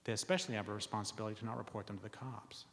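A man's voice: lowish voice, steady tone, very fast, very noisy. A man giving a public talk, earnest with wry asides and frequent ums. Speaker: speaker reading from his book. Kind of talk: public talk reading premises to an audience. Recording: long reverb of a hall.

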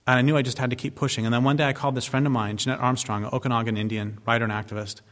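A man giving an impassioned public talk, blunt and sardonic, swearing freely and slowing down to stress key words. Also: medium pitch, fairly even intonation, fairly bright tone. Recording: long reverb of a large hall.

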